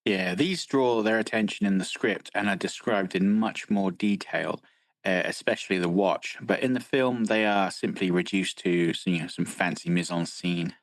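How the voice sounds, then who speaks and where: A man's voice: sits low, normal speed, no echo, poor audio. A man co-hosting a film podcast, analytical and blunt, swearing freely. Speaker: podcast co-host. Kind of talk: casual film discussion.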